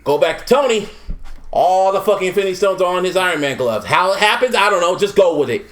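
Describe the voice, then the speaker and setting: Man, podcast co-host, lively swooping voice, fairly high, laughs a lot, swears, acts out quotes. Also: quick pace. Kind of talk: casual chat, retelling a movie.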